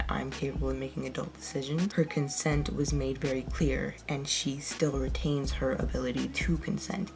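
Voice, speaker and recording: A young woman giving casual, expressive commentary on a TV episode, sighing and laughing often. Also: low voice, a little hiss or hum. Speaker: TV reaction vlogger.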